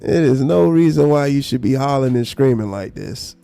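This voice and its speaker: A gravelly, mellow-toned man holds forth on his live stream in a calm, low, deliberate voice. He stays blunt and swears freely. A faint bed of music sits behind him. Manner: calm, low, unhurried speaking tone; blunt and profane. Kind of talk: casual commentary rant.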